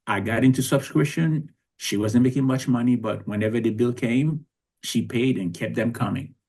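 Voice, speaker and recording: A man's voice: mid-range voice, moderate pace, darkish tone, husky. A man in his sixties from Haiti, telling his life story in a reflective, conversational way as an interview guest. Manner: reflective, conversational, with frequent restarts.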